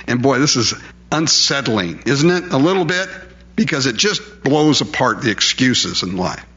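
A man preaching a sermon, animated and full of rhetorical questions, acting out quotes in different voices. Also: medium pitch, measured pace, husky. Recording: dull lo-fi recording.

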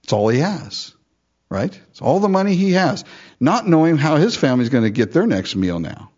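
Husky, lively male preacher. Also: on the high side, normal speed. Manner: animated storytelling, chuckling asides. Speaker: pastor. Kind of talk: sermon. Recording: dull lo-fi recording.

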